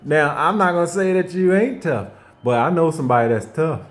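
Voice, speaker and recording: A man giving an unscripted faith monologue in a folksy, conversational way. He repeats himself and restarts often, moving between hushed reflection and fired-up bursts. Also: a little high, lively intonation, a little fast. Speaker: motivational faith speaker.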